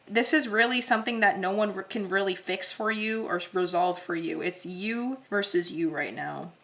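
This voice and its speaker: A woman's voice: medium pitch, pushed and bright. A woman giving a pick-a-card tarot reading to her viewers, earnest and blunt, speaking straight to them. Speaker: tarot reader. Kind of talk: direct-to-camera tarot reading.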